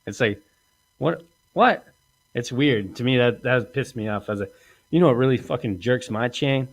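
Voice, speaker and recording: A man hosting a casual comedy podcast, rambling and crude, acting out quotes in lively voices. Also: mid-range voice, brisk. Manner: rambling, profane, acts out quotes in animated voices. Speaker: podcast host.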